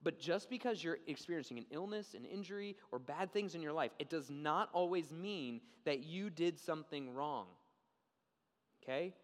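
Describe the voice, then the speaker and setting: A young man preaching a sermon, telling a story in a casual, animated way and often checking in with "okay?". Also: a little high, moderate pace. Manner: animated storytelling, acts out quoted voices. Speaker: pastor. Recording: long reverb of a large hall.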